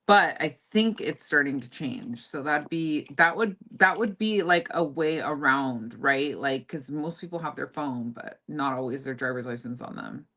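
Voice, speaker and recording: A woman chatting casually on a livestream, talking in a relaxed, conversational way to her viewers. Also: deep voice, normal speed, few pauses. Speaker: livestream host.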